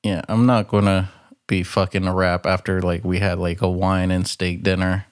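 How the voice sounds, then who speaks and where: A man with a low, level, smooth voice hosts a casual podcast in a laid-back way, steering toward the close and signing off. His sound is dry and close. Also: little pitch movement, moderate pace, no room sound. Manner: laid-back, wraps up segments. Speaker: podcast host. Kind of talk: casual chat.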